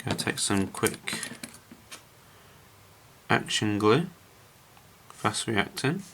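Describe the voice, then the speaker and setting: A man's voice: on the low side, expressive, very slow, a bit bright, slight background noise. A man casually narrating his scale model build to viewers, chatty and rambling with frequent filler words.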